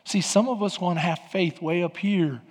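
A man's voice: sits high, normal speed. A man preaching a sermon as pastor, fervent and emphatic. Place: church sanctuary. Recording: long hall reverb.

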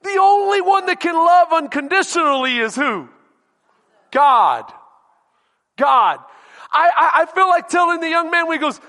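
A man with a very high, bright, forceful voice preaches to his congregation. He pushes hard on key words and keeps firing questions at the room. His voice rings out with a long reverb through the church hall. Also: sing-song, a little slow, pauses often. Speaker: pastor. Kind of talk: sermon.

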